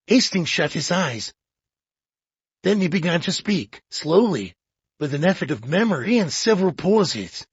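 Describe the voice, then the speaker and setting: An audiobook narrator giving a measured, expressive reading of a detective play. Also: mid-range voice, husky, no echo. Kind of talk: scripted narration. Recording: dull lo-fi audiobook.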